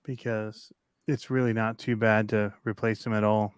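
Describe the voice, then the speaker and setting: A man co-hosting a casual livestream chat, calm and easygoing with short replies. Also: on the low side, moderate pace, clean tone, no room sound, studio quality. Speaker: co-host.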